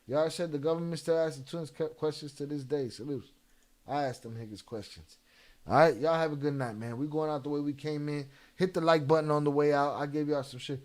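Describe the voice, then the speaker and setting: A man hosting a casual livestream, reading chat shout-outs in slangy, profane talk and flaring into heated rants. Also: on the high side, moderate pace. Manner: flares up into heated, cursing rants. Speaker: livestream host.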